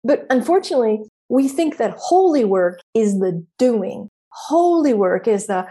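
A middle-aged woman hosting a podcast, giving casual spiritual coaching talk, animated, swearing freely and acting out her inner voices. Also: mid-range voice, a little slow. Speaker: podcast host.

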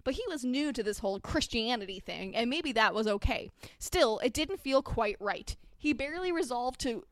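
A woman's voice: a little high, expressive, moderate pace, few pauses, dry recording, clean studio sound. A woman podcast host giving a comedic dramatic reading of a parody story, mock-earnest with wry asides.

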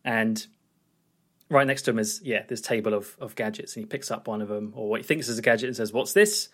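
A man's voice: fairly low pitch, fairly even intonation, fast. A man co-hosting a film podcast, recapping scenes in a loose, rambling chat. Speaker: podcast co-host. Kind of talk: casual film review chat.

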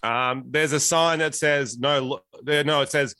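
A man's voice: on the high side, fairly even intonation, a little slow, pushed and bright, no room sound. An Australian man chatting casually on a remote call from home, laid-back and swearing often. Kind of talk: casual chat.

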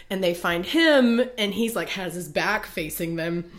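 A woman's voice: on the low side, moderate pace, fairly bright tone. A young adult woman co-hosting a podcast, casually retelling a book's plot with lots of fillers and restarts. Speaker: podcast co-host. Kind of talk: casual book chat.

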